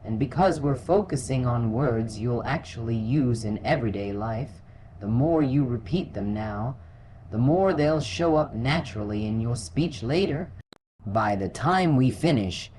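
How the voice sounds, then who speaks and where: A woman giving a scripted language lesson in a steady, encouraging, instructive way. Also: rumbling low, a little slow, slight background noise. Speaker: English teacher. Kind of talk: scripted teaching narration.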